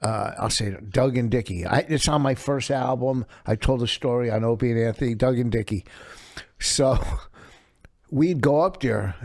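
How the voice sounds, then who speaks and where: A man's voice: mid-range voice, normal speed, a little mellow, no echo, clean studio sound. A middle-aged man, a guest comedian, telling anecdotes in casual podcast chat and laughing as he goes. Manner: laughing through comic anecdotes.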